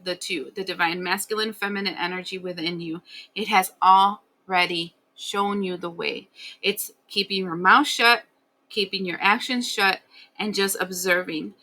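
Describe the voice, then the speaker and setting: Bright, animated woman reading tarot. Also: medium pitch, unhurried. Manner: blunt, animated, swears, acts out the listener's complaints. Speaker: tarot reader.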